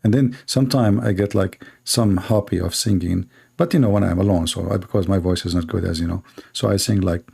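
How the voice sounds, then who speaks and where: A man's voice: sits low, fairly quick, gravelly, hardly any pauses, darkish tone, husky. A man from the Middle East whose first language is Arabic, speaking English with an Arabic accent. He hosts a call-in debate show and talks in a mocking, sarcastic, teasing way. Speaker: host, Christian apologist. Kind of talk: debate show talk with callers.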